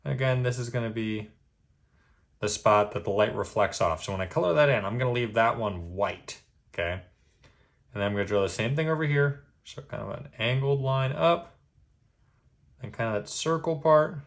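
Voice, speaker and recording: A man giving a step-by-step drawing lesson, patient and easygoing, checking in with a quick "okay?" after each step. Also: medium pitch, gravelly. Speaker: drawing instructor.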